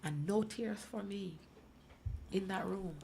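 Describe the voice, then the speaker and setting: A woman's voice: medium pitch, slow, creaky, warm tone, a little hiss or hum. A middle-aged woman, giving an emphatic personal testimony as a guest speaker. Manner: emphatic storytelling, acts out others' voices. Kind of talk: personal testimony in a talk program.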